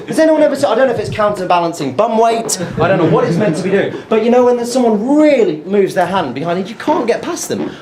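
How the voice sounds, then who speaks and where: Animated young comedian on stage. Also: male voice, on the high side, a little hiss or hum. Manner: animated storytelling, acting out his own lines. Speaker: stand-up comedian. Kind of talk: stand-up comedy set. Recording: echoey room, audible crowd. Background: audience laughter.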